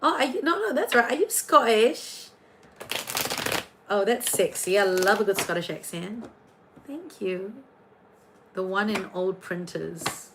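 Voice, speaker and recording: A woman's voice: mid-range voice, expressive, a little slow, pauses often, background noise. A woman hosting a casual astrology and tarot livestream, chatty and playful, jumping between viewer comments.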